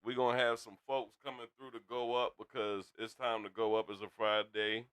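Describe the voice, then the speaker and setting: Man, livestream host, loud, hyped, cursing, casual chat. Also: medium pitch, level tone, normal speed, clean tone. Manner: loud, hyped, swears freely. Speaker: stream host.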